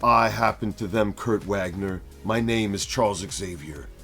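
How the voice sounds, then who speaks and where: A man voicing a calm older male teacher of mutants, read plainly in his own voice. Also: fairly low pitch, a little slow, creaky, soft background music. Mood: reassuring.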